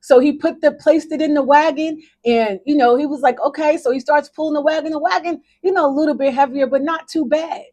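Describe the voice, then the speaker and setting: Casting: high-pitched middle-aged woman coach, emphatic and preachy, talking straight to viewers. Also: steady tone, a little fast, hardly any pauses, warm tone. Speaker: life coach. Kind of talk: motivational talk with a faith parable.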